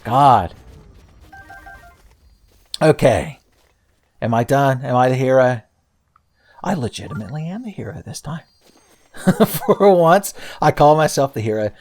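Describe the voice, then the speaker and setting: A man hosting a let's play, rambling and joking through casual gameplay commentary, swearing freely and laughing often. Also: medium pitch.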